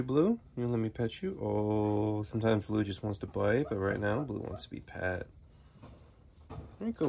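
Low-voiced man cooing at his animals. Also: fairly bright tone, slight background noise. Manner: coos affectionately at animals, chatty asides to viewers. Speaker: animal sanctuary keeper. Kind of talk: casual vlog while feeding animals. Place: animal sanctuary enclosures.

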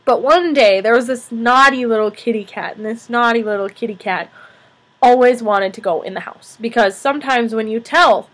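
Woman, music teacher, high voice, gentle storyteller, lesson for small children. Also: moderate pace. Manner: gentle, expressive storyteller checking in with "okay?".

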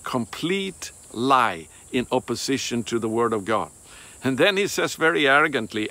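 A man giving a Bible teaching in a deliberate, emphatic way, pausing and hesitating often. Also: medium pitch, lively intonation, bright, forceful tone.

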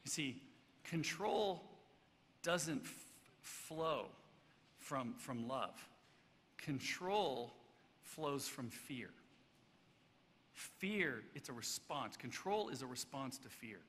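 A man's voice: mid-range voice, expressive, very slow, pauses often, a bit bright, slight background noise. A man preaching a sermon in a conversational way, with rhetorical questions and restarts. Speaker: pastor. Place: church. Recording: long church hall reverb.

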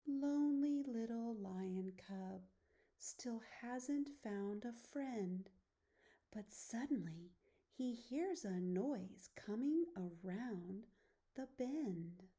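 A woman teacher reading a children's picture book aloud, soft and often hushed. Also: on the high side.

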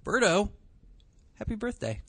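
A man's voice: high-pitched, big pitch swings, a little slow, pushed and bright, breathy edge, no echo. A man hosting a casual record store podcast, upbeat as he runs through upcoming events.

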